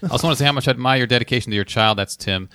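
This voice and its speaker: A man co-hosting a podcast, reading listener emails aloud with quick asides in casual chat. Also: mid-range voice, pushed and bright, smooth, dry recording.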